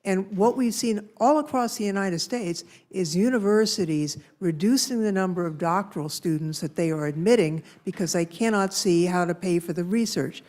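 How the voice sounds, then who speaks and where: A woman's voice: fairly low pitch, normal speed, hardly any pauses, dark tone. A woman lawmaker speaking urgently and emphatically at a committee hearing. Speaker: congresswoman testifying.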